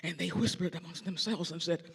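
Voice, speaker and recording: An older man, a church organist and choir director, giving a storytelling lecture in a large concert hall, animated and breaking into sung snippets. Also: fairly high pitch, brisk, creaky, slightly rough. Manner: animated, sings snippets and acts out quotes.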